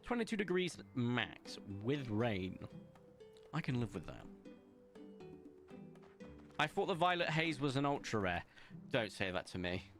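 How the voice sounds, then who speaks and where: This is casual live-stream talk from a young man playing a game at home, window open and soft music in the background. His mid-range, fairly bright voice has a sing-song quality, moving at a measured pace with long pauses as he chats to viewers and jokes about himself.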